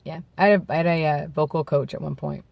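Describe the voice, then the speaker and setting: In a candid talk to camera, a vlogger standing outdoors in bright daylight speaks in a slightly high, somewhat mellow voice with a steady tone and no room sound. His voice is gravelly from vocal nodes and a touch hoarse from throat clearing, and he proceeds haltingly, reflecting, restarting and correcting himself.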